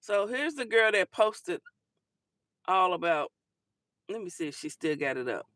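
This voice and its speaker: Bright-voiced sassy woman host. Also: lowish voice, big pitch swings, measured pace, no room sound. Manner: chatty, sassy, calls listeners honey and baby. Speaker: talk show host. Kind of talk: casual commentary on viral clips.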